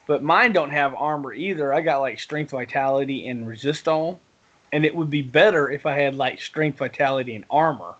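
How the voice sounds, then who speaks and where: A man's voice: mid-range voice, fairly quick, muffled recording. A man telling a rambling gaming story on a casual podcast, laughing often. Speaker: podcast co-host.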